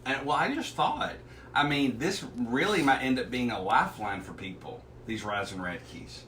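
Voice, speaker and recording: A man's voice: mid-range voice, animated, normal speed, very noisy. A man co-hosting a casual live morning show with his wife, talking in a dry, joking way. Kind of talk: casual live-stream chat.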